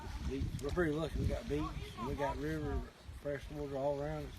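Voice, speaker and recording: A man's voice: mid-range voice, little pitch movement, fast. A man with a Southern US country accent hosting a fishing vlog, chatting casually to viewers in a rambling, folksy way outdoors. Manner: rambling, folksy, chuckling asides. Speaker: fishing channel host. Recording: loud outdoor vehicle and wind noise.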